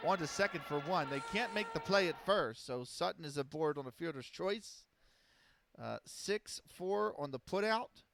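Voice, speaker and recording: A man streaming casual play-by-play of a simulated baseball game, measured and steady, often pausing on fillers and correcting himself. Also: fairly high pitch, creaky, slight background noise.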